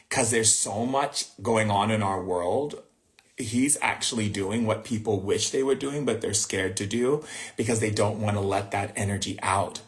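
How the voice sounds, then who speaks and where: A man with a fairly low voice leads a live-streamed spiritual talk. His delivery is loose and conversational, full of restarts and side remarks. At times he drifts into quiet muttering to himself. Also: a little slow. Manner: conversational and rambling, with restarts and asides; distracted by screen trouble, muttering to himself. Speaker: spiritual teacher hosting a livestream.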